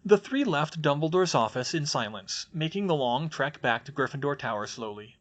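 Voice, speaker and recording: A man reading a fan fiction audiobook in a steady, plain storytelling manner. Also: fairly high pitch, normal speed. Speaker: audiobook reader.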